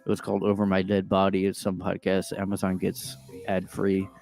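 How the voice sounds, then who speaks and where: A man hosts his own podcast from his room, talking in a loose, rambling way. His commentary is sarcastic and full of filler words, in a fairly low voice. Faint music plays softly in the background. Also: monotone, a little fast, gravelly. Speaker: podcast host. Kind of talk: casual solo commentary.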